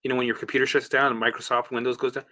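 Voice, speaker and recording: In a casual monologue, a recovery coach talks bluntly and swears freely while acting out how he used to react. His mid-range voice is bright and forceful, racing along with a flat delivery.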